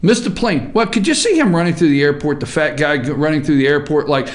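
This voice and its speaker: A man hosting a political opinion talk show, loud and jokey, now and then breaking into song. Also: fairly high pitch, expressive, quick pace.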